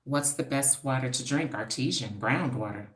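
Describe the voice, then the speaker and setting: A woman's voice: very deep voice, moderate pace, echoey room. A woman hosting a casual livestream, talking straight to her viewers in an emphatic, preachy way, repeating points for effect. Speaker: livestream host, hair stylist and wellness coach.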